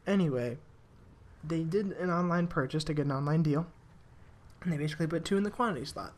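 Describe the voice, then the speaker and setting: A man's voice: on the high side, fast talker, a little hiss or hum. A young man telling rambling work stories in casual commentary over a video game, with restarts and the odd swear. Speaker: gaming commentator.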